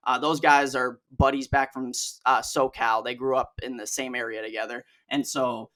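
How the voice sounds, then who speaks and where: A young man co-hosting a sports podcast, ranting in casual chat and acting out players in quick asides. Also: mid-range voice. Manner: animated, ranting, mimics players in quoted asides. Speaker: podcast co-host.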